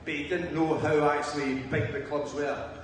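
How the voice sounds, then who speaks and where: Host: man, flat delivery, rambling questions, distant and echoey hall sound. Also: on the high side, normal speed, slight background noise. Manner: rambling, long-winded question. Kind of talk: interview question at a live event. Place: large hall before an audience.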